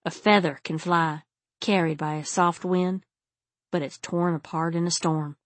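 A woman reading the part of a wise, calm man who speaks firmly and softly in an audiobook. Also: lowish voice, unhurried, dry recording, close to an everyday voice. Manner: firm, soothing. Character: calm, wise adult male guide.

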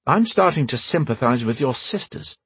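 A blunt, sharp-tongued young woman, as a male narrator puts her on, voiced in a raised register with a husky, raspy grain. The lines are read close and dry. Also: medium pitch, very animated, moderate pace, no echo, voice pushed up, heavily acted.

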